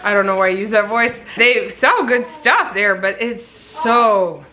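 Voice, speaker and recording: A woman's voice: mid-range voice, unhurried, pushed and bright. A woman in her thirties from Nebraska, chatting casually to camera in a family vlog and laughing often. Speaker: vlogger, mother.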